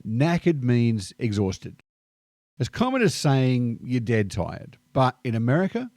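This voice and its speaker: A man's voice: mid-range voice, no room sound. Australian man telling anecdotes. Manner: lively anecdotal delivery sprinkled with slang. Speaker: video host. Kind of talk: scripted storytelling monologue.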